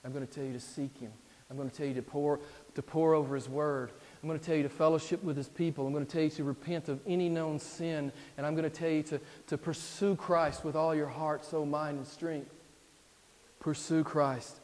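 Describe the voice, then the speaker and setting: A male pastor preaching a sermon, emphatic and repetitive, swinging between loud exhortation and hushed appeals. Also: a little high, flat delivery, moderate pace. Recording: long reverb in a large hall.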